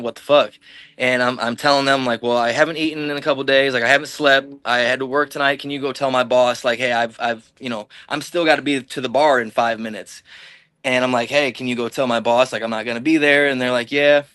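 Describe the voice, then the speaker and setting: A man's voice: medium pitch, steady tone, brisk, bright, forceful tone, smooth, no room sound. A man from the Illinois-Iowa border telling a long personal story in casual, rambling, profane talk, acting out what people said. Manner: rambling, profane, acts out quoted dialogue. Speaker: podcast guest.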